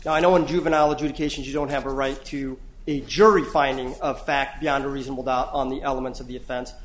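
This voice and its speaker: A man's voice: mid-range voice, fairly even intonation, fast talker, roomy sound, rough recording. A man arguing an appeal before judges, earnest and often restarting his phrases. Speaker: appellate lawyer. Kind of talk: courtroom oral argument. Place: courtroom.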